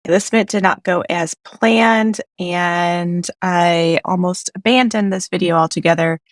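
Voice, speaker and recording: A woman's voice: lowish voice, steady tone, a little slow, no room sound. A woman with a Chicago accent hosting a casual explainer video, chatty and self-deprecating, laughing often. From Chicago, US Midwest. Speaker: crypto video host.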